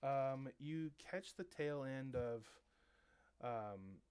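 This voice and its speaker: A man running a tabletop role-playing game, improvising his narration. He talks in halting bursts at a middle pitch. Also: animated, darkish tone. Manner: halting, many fillers and restarts. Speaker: game master.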